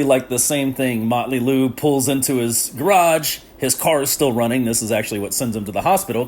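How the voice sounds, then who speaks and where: A man's voice: mid-range voice, darkish tone, a little hiss or hum. A man hosting a casual solo podcast, rambling and laughing often as he talks with lots of slang. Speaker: podcast host.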